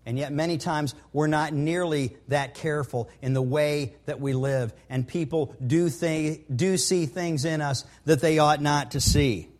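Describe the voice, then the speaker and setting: Middle-aged male pastor, fairly high voice, folksy and earnest sermon delivery. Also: measured pace, few pauses, darkish tone. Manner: earnest, conversational preaching with repeated words and personal stories.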